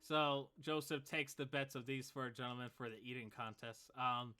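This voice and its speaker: A man's voice: medium pitch, level tone, moderate pace, bright, forceful tone, clean tone. A man running a tabletop game as game master, narrating casually with fillers and chuckles.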